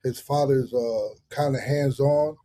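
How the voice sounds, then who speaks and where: A man hosting a live boxing chat, telling lively, profane stories full of fillers and restarts. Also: medium pitch, unhurried. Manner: animated, profane storytelling with many fillers. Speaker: live show host. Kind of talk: casual storytelling chat.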